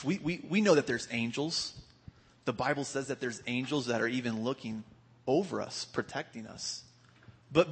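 A man's voice: mid-range voice, a bit bright, slightly rough. A man giving a casual youth talk, plainspoken and often repeating words as he restarts sentences. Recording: long hall reverb.

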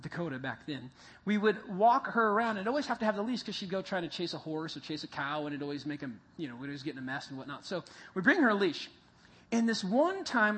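A man preaching to a group, telling a vivid, animated story that builds toward a Bible lesson. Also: high-pitched, breathy edge. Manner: animated storyteller, acts out voices and sounds. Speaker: youth pastor. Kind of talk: sermon with a told story. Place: meeting room with a live group.

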